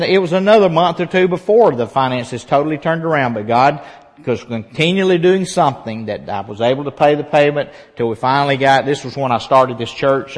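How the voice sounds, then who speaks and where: A man preaching a sermon as pastor of his church, animated and folksy, rising to loud emphatic peaks. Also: medium pitch. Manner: folksy and conversational, laughs between points. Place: church sanctuary. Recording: long church reverb.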